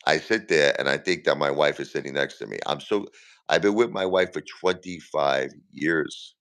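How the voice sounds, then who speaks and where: A man's voice: very deep voice, moderate pace, a bit bright. A grieving man in his forties, talking casually to his live-stream viewers. He repeats himself and speaks to viewers by name. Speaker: livestream host.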